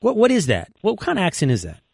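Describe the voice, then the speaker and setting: Male sports radio host with a bouncy, expressive voice, sarcastic and combative, dry close sound. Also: high voice, fast, creaky, husky, no echo.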